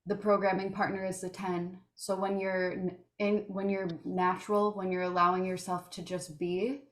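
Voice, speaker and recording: A woman in casual group chat, explaining ideas calmly. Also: mid-range voice, normal speed. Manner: calm, explanatory. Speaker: group discussion member.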